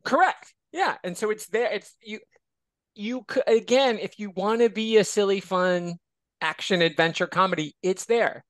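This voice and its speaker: A man's voice: sits high, a bit bright, dry recording. A man guesting on a film podcast, joking around and readily agreeing with the host. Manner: jokey, quick to agree. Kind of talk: casual film discussion podcast.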